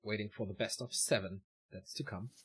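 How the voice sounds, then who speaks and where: A man's voice: lowish voice, steady tone, fairly quick, breathy edge. A man co-casting a live strategy game match, relaying results and announcements and teasing his partner. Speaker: esports co-caster.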